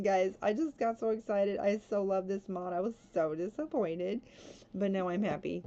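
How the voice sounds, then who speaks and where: A woman streaming a life-sim game, chatting casually and breaking into excited squeals. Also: mid-range voice, normal speed. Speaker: gaming streamer. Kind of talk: casual gameplay commentary. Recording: slightly dull sound with faint background hiss.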